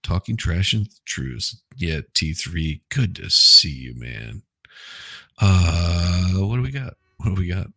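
Gravelly blunt-talking man on a livestream. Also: deep voice, animated, takes it slowly, pushed and bright, no room sound. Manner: rambling, blunt, swears, lots of restarts. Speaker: livestream host reading chat. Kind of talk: casual live chat commentary.

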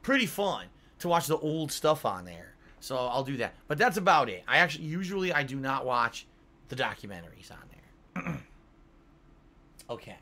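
A man's voice: medium pitch, big pitch swings, normal speed, bright, forceful tone. A man livestreaming from home, rambling casually, swearing now and then, and yawning between thoughts. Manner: rambling, swears casually, reads donor messages aloud. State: yawning, tired. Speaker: streamer.

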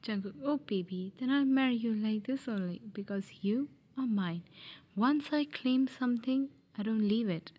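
A woman's voice: fairly high pitch, moderate pace, muffled recording, natural voice. A woman voicing a cold, possessive young male mafia heir in a fan audio drama, speaking in a teasing, often whispery tone.

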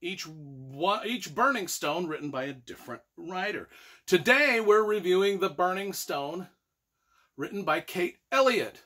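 Man, middle-aged, ranting book review, exasperated, profane, lively pitch, bright tone. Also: unhurried.

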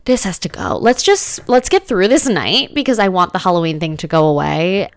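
A woman's voice: medium pitch, big pitch swings, moderate pace, dry recording. A woman giving casual, dramatic commentary as she plays a life-sim game, full of slangy exclamations. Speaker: gaming let's-play host.

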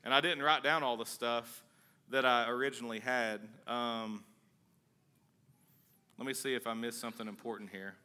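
A man preaches to his congregation in a loose, chatty way, joking and pushing with energy. His voice is very bright and forward, sitting at an ordinary pitch for a man. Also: steady tone, moderate pace, long pauses. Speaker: pastor. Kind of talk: conversational sermon.

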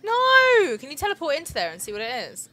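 A woman's voice: on the high side, big pitch swings, racing. A woman co-hosting a let's play, chatting casually and making dry, teasing remarks. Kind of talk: casual gameplay chat.

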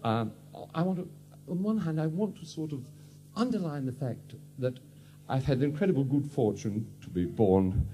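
A man's voice: medium pitch, animated, normal speed, dark tone, a little hiss or hum, lightly acted. A man doing a pompous posh Englishman. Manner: pompous, hesitant, drawling. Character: pompous upper-class Englishman, young and vain.

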